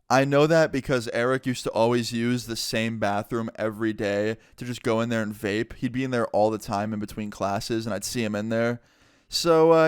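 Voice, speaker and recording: Male vlogger, casual story-time narrator, smooth clear voice, dry close mic. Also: medium pitch, no room sound. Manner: chatty, quick to act out people he quotes, lots of "like".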